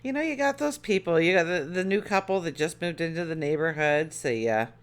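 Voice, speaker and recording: A man's voice: on the high side, lively intonation, a little fast, clear, resonant tone. A man giving a daily tarot reading to his viewers, talking in an earnest, rambling way with many fillers and restarts. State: choked up. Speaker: tarot reader.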